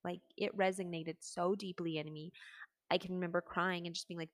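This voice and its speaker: A woman's voice: lowish voice, steady tone, a little fast, no room sound. A woman in her twenties telling her personal story in a candid, earnest way, with casual fillers.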